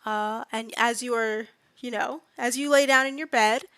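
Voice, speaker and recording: A woman's voice: on the high side, steady tone, normal speed, fairly bright tone, no echo, clean studio sound. A woman game master casually narrating a tabletop game, with many fillers in her descriptions.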